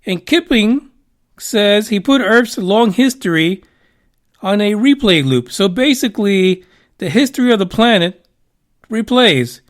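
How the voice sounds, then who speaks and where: A man's voice: sits high, lively intonation, a little slow. A man hosting a casual talk show, rambling with profane joking asides. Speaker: podcast host. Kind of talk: casual radio show chat.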